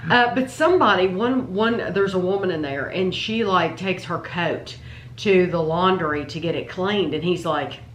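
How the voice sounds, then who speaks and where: A woman's voice: lowish voice, a little slow, roomy sound, a little hiss or hum. A woman, chatting animatedly as co-host about shows she watched. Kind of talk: casual chat.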